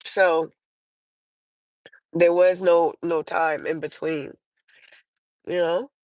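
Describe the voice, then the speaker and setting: A woman's voice: fairly low pitch, flat delivery, drawn-out words, a little mellow, rough recording. A woman hosting a livestream, telling personal stories in a casual, rambling way, full of fillers and restarts. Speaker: livestream host. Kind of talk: casual storytelling chat.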